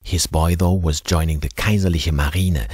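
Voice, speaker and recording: A man narrating a short story in a steady, measured way. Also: sits low, breathy edge, dry recording, clean studio sound. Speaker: audiobook narrator. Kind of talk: scripted narration.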